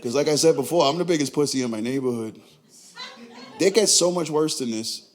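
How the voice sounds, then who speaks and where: A man's voice: fairly high pitch, a little fast. A young man with a Tulare, California accent performing a profane, brash stand-up comedy set. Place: comedy club.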